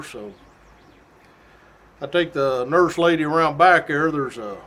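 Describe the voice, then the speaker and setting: A middle-aged state trooper telling a story from his job in a casual, animated way, laughing often. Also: on the high side, normal speed, a little hiss or hum. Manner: animated, laughs often, folksy drawl-like phrasing.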